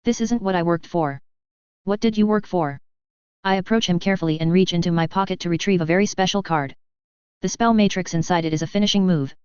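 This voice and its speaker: A woman with a low, very clean voice reads a fantasy story in first person. Her delivery is even and measured. The recording is dry and a little dull. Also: clean tone, dry recording. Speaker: audiobook narrator. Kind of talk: scripted first-person narration. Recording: slightly dull, dry audio.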